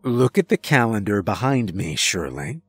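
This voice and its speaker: A man voicing a calm, compassionate police chief who speaks softly and gently. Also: lowish voice, slightly rough, dry recording, faint music behind, exaggerated voice. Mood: gentle. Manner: soft, gentle, measured.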